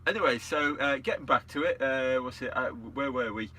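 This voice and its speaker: Co-host, rambling, laughs a lot, bright edge. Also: male voice, medium pitch, moderate pace, slight background noise. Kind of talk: casual chat.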